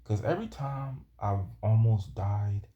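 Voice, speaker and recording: A man telling a personal story from his youth in a halting, rambling way, often restarting his sentences. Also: lowish voice, expressive, dark tone, muffled recording. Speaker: vlogger.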